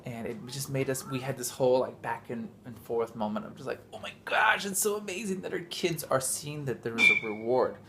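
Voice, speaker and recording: A man chatting through a casual family vlog. He rambles and often restarts mid-sentence. The recording carries a clear layer of background noise. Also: mid-range voice, brisk, few pauses. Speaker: vlog host and father.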